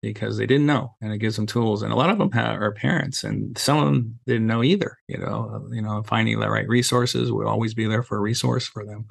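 A man's voice: lowish voice, fairly even intonation, a little fast, creaky, few pauses, no echo. A middle-aged man, a guest on a podcast, telling stories casually and acting out bits of dialogue, with lots of "you know" fillers. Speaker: podcast guest, safety trainer. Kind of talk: casual conversational storytelling.

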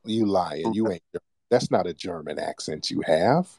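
Deep-voiced American male talk host, taunting and insistent, dry close mic. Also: animated, moderate pace, vocal fry, darkish tone, breathy edge, no echo. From United States. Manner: mocking, insistent, repeats himself. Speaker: radio show host. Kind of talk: heated call-in argument.

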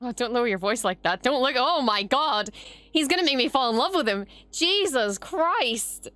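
A woman hosting a reaction video, excitably commenting, gushing and swearing freely. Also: sits high, normal speed, dry recording.

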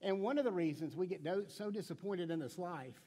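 A man's voice: sits high, brisk, mellow, big-room sound. A middle-aged man pastor preaching a sermon in a conversational way, with stammered restarts, rhetorical questions and playful stories. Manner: playful storytelling with acted quotes. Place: church sanctuary.

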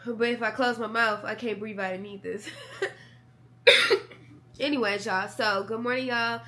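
A young woman talks casually to her viewers from bed, sick with a sore throat and a blocked nose. Her voice sits a little high, and she keeps calling her viewers y'all. It is picked up by her camera at home. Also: steady tone, a little slow, bright, forceful tone. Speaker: vlogger. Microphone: camera mic.

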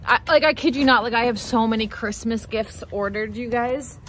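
Brief: young canadian woman, chatty vlogger, slightly high voice, faint road hum behind. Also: moderate pace, a bit bright. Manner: chatty, laughs often, trails off. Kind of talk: casual vlog chat.

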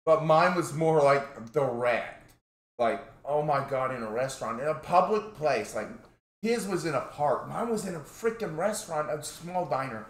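A man telling a story to his viewers in a loose, rambling way, leaning hard on filler words. His voice sits at a middling pitch. The recording has a roomy, echoey sound. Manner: rambling, filler-heavy, frequent "like". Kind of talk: casual storytelling. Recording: roomy echo.

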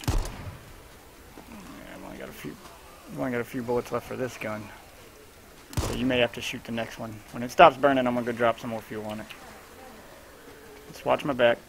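A man with a gravelly voice at an everyday, middling pitch chats casually while he plays. He gives a teammate quick, offhand instructions in a loose, easygoing way. A faint hiss sits under the recording. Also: poor audio. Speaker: gamer streaming his own play. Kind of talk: casual gameplay commentary to a teammate.

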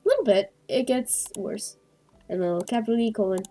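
A woman's voice: on the high side, normal speed, mellow, soft background music. A woman streamer chatting casually, giggly and gushing as she reads messages aloud. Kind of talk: casual live-stream chat.

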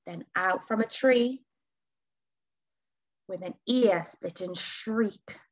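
A woman teacher reading a picture book aloud to children, with big leaps in pitch on key words. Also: takes it slowly.

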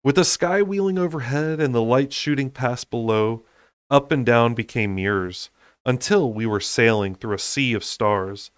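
A man's voice: medium pitch, normal speed, clear, resonant tone, no echo, clean studio sound. A man reading a fantasy novel aloud in an unedited take, with occasional slips and asides. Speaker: audiobook reader.

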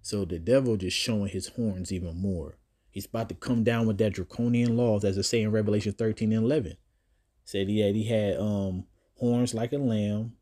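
Low-voiced man preaching casually. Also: steady tone, moderate pace. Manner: emphatic, swinging pitch and loudness; casual slangy delivery. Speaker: scripture teacher. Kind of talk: informal preaching.

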